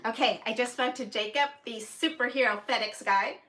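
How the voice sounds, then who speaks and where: Bubbly high-voiced woman gushing over crafts. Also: normal speed. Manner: bubbly, gushing, squealing with excitement. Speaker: paper crafting channel host. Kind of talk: excited livestream chat. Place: home craft room. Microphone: phone on a stand.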